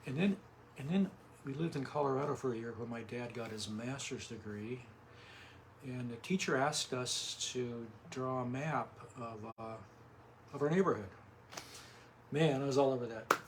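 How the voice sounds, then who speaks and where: An older man, an artist, chatting softly in a small home studio, often trailing off and restarting his sentences. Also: medium pitch, moderate pace, slight background noise. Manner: soft-spoken, trails off and restarts. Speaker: artist guest. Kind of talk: casual interview.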